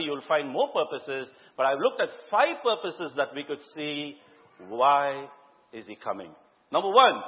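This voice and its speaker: Male preacher, fairly high voice, quizzes the congregation; tinny, hall-echo recording. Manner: questions the congregation directly and tells lively anecdotes. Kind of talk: sermon. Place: church hall before a congregation. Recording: echoey hall, tinny phone-like sound.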